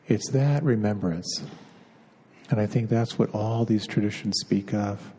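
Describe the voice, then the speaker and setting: A man giving a dharma talk as a meditation teacher, gentle and unhurried, pausing often and repeating words as he searches for them. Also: on the low side, steady tone, husky. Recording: long hall reverb.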